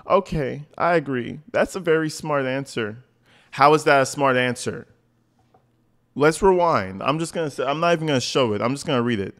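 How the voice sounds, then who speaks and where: Male commentator with a blunt, crude, mocking delivery, mid-pitched voice. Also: animated, normal speed, fairly bright tone. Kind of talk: profane reaction commentary.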